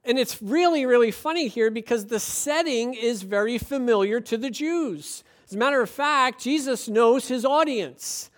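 A pastor with a notably high voice delivers a sermon in a conversational, emphatic way. He keeps turning to rhetorical questions and leans on key words to drive his points home. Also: moderate pace, hardly any pauses.

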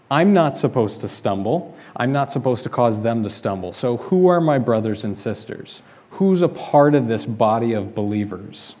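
A man delivers a sermon from the pulpit of a church in an easygoing, explanatory way, often posing questions to his congregation. His voice is warm and mellow, sitting at an ordinary middle pitch. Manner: conversational, explanatory preaching with rhetorical questions. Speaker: pastor. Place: church sanctuary.

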